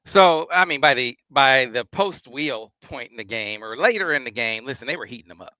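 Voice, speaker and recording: Male podcast host, bright crisp voice, dry close sound, conversational. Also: mid-range voice, lively intonation, moderate pace, dry recording. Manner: conversational, leading questions, short agreements. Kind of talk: interview questions.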